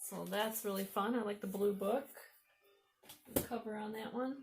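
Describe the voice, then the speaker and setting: Against a noisy background, a woman with an Upper Midwest American accent and a steady, mid-range voice chats at a moderate pace. She's a vlogger doing a casual show-and-tell of vintage books from thrift stores, admiring the pictures and thinking aloud.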